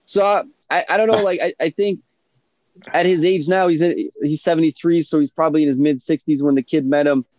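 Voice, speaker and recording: A man co-hosting a casual chat, telling animated stories with lots of swearing and restarts. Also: on the high side, brisk, no room sound, lo-fi sound. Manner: animated storytelling, heavy swearing, many restarts.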